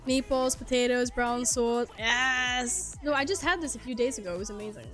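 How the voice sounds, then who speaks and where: A young woman who is a native Swedish speaker, live-streaming a game into a headset mic, chatty and animated, swearing freely and laughing often. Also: on the high side, normal speed, faint music behind. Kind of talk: casual live-stream chat.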